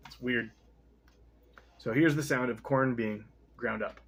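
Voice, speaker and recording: A man's voice: mid-range voice, slow, long pauses, a little hiss or hum. A young man reading a text aloud and casually commenting on it, rambling, profane and often interrupting himself. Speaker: reader.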